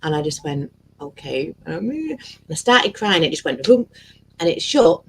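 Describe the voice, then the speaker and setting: A woman appears as a guest on a video call, telling a story in animated, rambling chat packed with fillers and free swearing. Her voice sits on the low side at normal speed, and the poor audio carries faint background noise.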